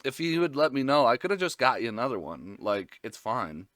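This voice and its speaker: A man's voice: mid-range voice, big pitch swings, a little fast, a bit bright, no echo. Man doing an offhand laid-back pirate captain. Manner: shrugging, offhand.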